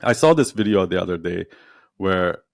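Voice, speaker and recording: This guest, an entrepreneur and storyteller on a podcast, keeps the casual interview lively with animated stories, acted-out quotes and plenty of laughter. His low, creaky voice moves at normal speed, in a dry, clean studio recording.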